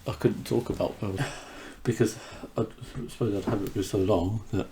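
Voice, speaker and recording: A man being interviewed, talking candidly and haltingly with many restarts. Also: fairly low pitch, steady tone, dark tone, a little hiss or hum. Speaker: interview guest. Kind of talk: candid conversation.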